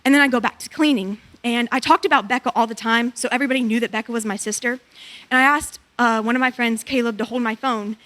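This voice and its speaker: A woman in her twenties tells a lively church testimony about going on a mission trip, voicing the words of people she met. Her pitch is fairly high and her delivery fast.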